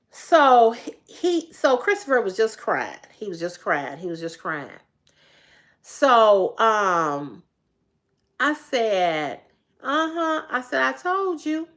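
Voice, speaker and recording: A woman hosting a live stream, telling a family story in a blunt, profane, animated way and talking back to her chat. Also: medium pitch, slow pace, pauses often. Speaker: livestream host.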